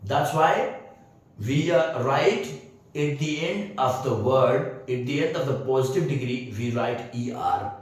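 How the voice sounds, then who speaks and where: In a spoken grammar lesson, a man teaches English hesitantly, using many fillers, often repeating phrases, spelling words letter by letter and checking whether the class understands. His mid-range voice is unhurried. The room is very echoey and the mic sits far away.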